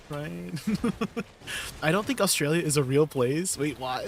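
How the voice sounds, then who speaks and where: A man's voice: on the high side, animated, a little slow, gravelly, a little hiss or hum. A young man streaming live, casually chatting with viewers and riffing on their messages in an easily amused way. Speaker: livestreamer reading chat. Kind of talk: casual chat with viewers while gaming.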